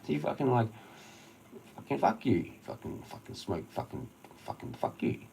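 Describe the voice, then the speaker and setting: A man's voice: medium pitch, huge pitch swings, moderate pace, creaky, mellow, a little hiss or hum, rough recording. A man with an Australian accent, ranting on a livestream, swearing heavily and rambling through an agitated story. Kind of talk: casual rambling rant.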